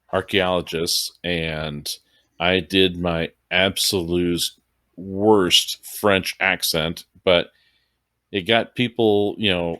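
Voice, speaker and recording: A man co-hosting a podcast, explaining tabletop game-mastering tips in a measured, casual way. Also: sits low, fairly bright tone, dry recording, studio quality. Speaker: podcast co-host. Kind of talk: casual chat about tabletop horror gaming.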